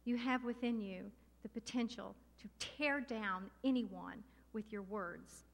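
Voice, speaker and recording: A middle-aged woman preaching a sermon with passion and emphasis, slowing down to stress key words. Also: medium pitch, vocal fry, slight background noise. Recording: long hall reverb.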